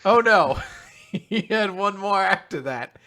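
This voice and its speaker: Male co-host, high lively voice, jokey banter. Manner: joking, quick to tease. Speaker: podcast co-host. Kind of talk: casual chat.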